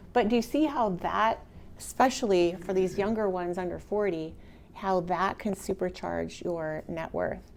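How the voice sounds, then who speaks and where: Middle-aged woman, motivational speaker, talks straight to her audience, casual and lively, faint room hum behind her. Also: fairly low pitch. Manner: conversational, animated, addresses the audience directly. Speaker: real estate speaker. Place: meeting room with a live audience.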